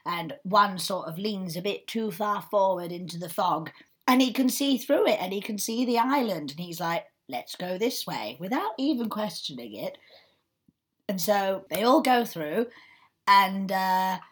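A woman's voice: medium pitch, a little slow, breathy edge. A woman in casual film chat, playful and chatty, acting out bits of the scenes. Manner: chatty, playful, acts out characters.

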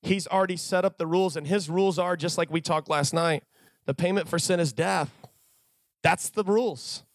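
A man preaching a sermon to a youth crowd, telling stories in an animated, joking way. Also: high-pitched, moderate pace, dry recording.

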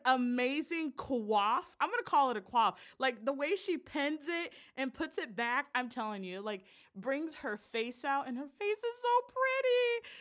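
A woman hosting a casual podcast, bubbly and giggly, hyping up her guest with animated enthusiasm. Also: high voice. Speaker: podcast host. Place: Chicago.

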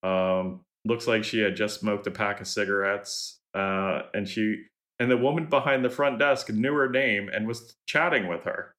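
A man co-hosting a gaming podcast, telling a travel story in a relaxed, hesitant way with many fillers. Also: on the low side, normal speed, few pauses. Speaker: podcast co-host. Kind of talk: casual storytelling.

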